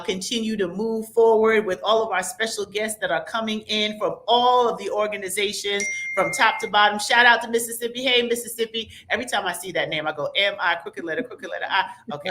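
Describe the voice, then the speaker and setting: Upbeat woman host, bright tone, chatty shout-outs from viewer comments. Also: mid-range voice. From American South. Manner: upbeat, chatty, reads viewer comments aloud with quick asides. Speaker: livestream host. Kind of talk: lively livestream shout-outs.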